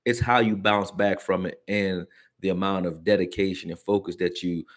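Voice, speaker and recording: Low-voiced guy hosting a football reaction stream, loose slangy chat with viewers. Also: steady tone, moderate pace. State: hiccups. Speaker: sports reaction host. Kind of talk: casual live-stream commentary.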